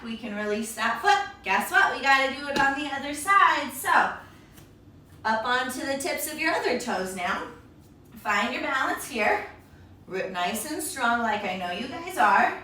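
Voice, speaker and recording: Full of encouragement, a woman teaching kids' yoga uses a playful, high and bright sing-song voice. The mic is distant, so she comes across from some way off in a very echoey space, with slight background noise.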